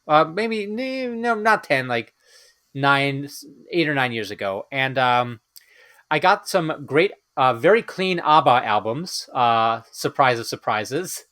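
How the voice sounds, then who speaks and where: A man co-hosting a podcast in casual chat, halting, with many filler pauses. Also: mid-range voice, animated, fairly bright tone, dry recording. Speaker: podcast co-host.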